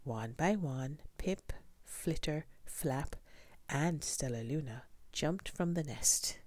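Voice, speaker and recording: A woman whispering a children's storybook aloud in a soft, gentle voice, as whispered role-play. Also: sits low, lively intonation, takes it slowly, no echo.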